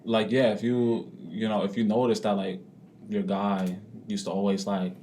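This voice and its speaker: A young man co-hosting a podcast in casual chat, blunt and profane, talking with animated emphasis. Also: lowish voice, moderate pace, slight background noise. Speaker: podcast co-host.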